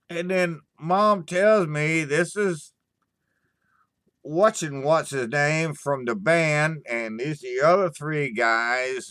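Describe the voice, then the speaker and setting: A man hosting a livestream, chatting casually with viewers in a halting, stammering way, swearing often and sighing between thoughts. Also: a little high, bright, forceful tone, no room sound, clean studio sound. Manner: slow, sighing storytelling. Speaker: livestream host answering chat. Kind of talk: casual rambling chat.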